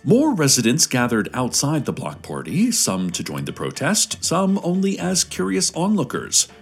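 A man delivering scripted radio news narration in a calm, deadpan manner. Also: medium pitch, moderate pace, vocal fry, slightly rough, soft background music.

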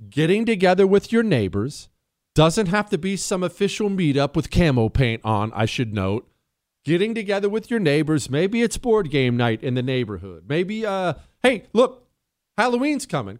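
A man's voice: a little high, darkish tone, dry recording, studio quality. Joking male talk radio host. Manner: joking asides, teasing a co-host; emphatic, repeats key phrases.

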